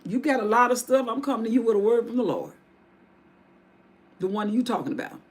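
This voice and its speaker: On a livestream, a woman retells a Bible story in everyday casual speech, full of restarts and asides. Her voice sits on the high side, animated and brisk.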